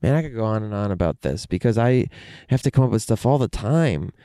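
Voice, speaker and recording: A man's voice: lowish voice, animated, fairly quick, warm tone, no echo, studio quality. A man talking candidly in a casual monologue, rambling with fillers and frequent swearing.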